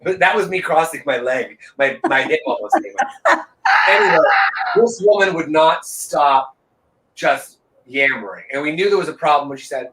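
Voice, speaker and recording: Male co-host, profane and animated raconteur; higher-pitched voice in an echoey room. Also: normal speed. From Los Angeles. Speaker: podcast co-host. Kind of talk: casual chat storytelling.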